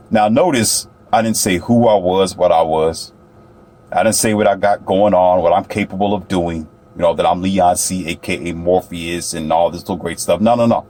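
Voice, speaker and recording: A man's voice: deep voice, moderate pace, mellow. A man telling a story to the camera in a casual, boastful monologue, often turning to the viewer. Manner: boastful, chatty, addresses viewer directly. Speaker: vlogger.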